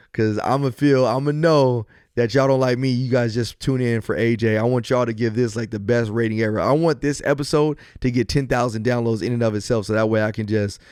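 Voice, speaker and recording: A man hosts a podcast by himself, with a smooth, clear voice recorded close and dry. He moves from earnest encouragement to loose, joking storytelling. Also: mid-range voice, darkish tone, dry recording. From US West Coast. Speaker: podcast host. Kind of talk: solo podcast talk.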